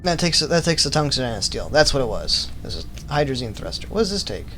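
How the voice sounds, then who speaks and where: A man's voice: medium pitch, sing-song, brisk, a bit bright, slight background noise. A man streaming a game, thinking aloud, rambling and correcting himself, teasingly calling his viewers his vamplings while he puts on an accent. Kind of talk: casual gaming commentary.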